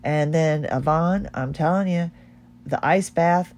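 In a personal podcast monologue, a middle-aged host with a lowish, darkish voice speaks at a moderate pace. She's tearful, and her talk is candid, heartfelt and rambling.

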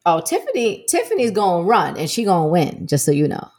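Lively low-voiced woman with a Brooklyn accent. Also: brisk. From Brooklyn, New York. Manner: animated storyteller, repeats "listen". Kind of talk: casual chat. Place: room with brick wall behind.

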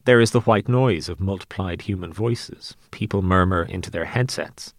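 A man reading his own essay aloud in a wry, deadpan way. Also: low-pitched, moderate pace, no room sound, studio quality.

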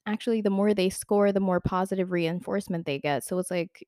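A woman's voice: mid-range voice, a little fast, a little mellow, no room sound, studio quality. A young woman talking frankly to the camera in a casual question-and-answer vlog, full of "like" and little laughs. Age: young adult. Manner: chatty, filler-heavy with "like", giggly, frank. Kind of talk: candid casual Q&A monologue.

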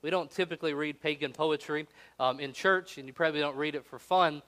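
A male pastor preaching a sermon in an earnest manner, slowing down for solemn readings. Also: a little high, steady tone, a bit bright.

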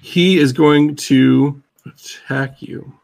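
A man running a tabletop game as game master, laid-back and quick to laugh, on a video call. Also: fairly high pitch, fairly even intonation, vocal fry. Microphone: video call mic.

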